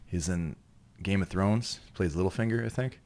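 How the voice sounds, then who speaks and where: A man's voice: low voice, normal speed, a little mellow. A man from Canada, an actor and comedian guesting on a podcast, telling rambling stories in casual chat, laughing often and acting out the dialogue.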